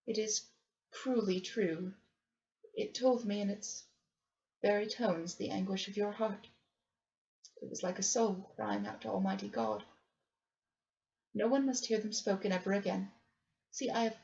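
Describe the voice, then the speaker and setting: A woman reading the part of an earnest, resolute young Victorian wife, soft and appealing. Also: mid-range voice, creaky. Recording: dull lo-fi recording.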